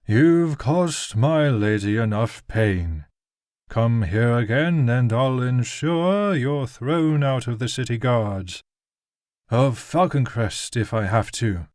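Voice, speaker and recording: A man voicing a drunken, sneering male nobleman who threatens a guardsman in a slow, menacing drawl. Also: mid-range voice, lively intonation, a little mellow, no room sound, clean studio sound.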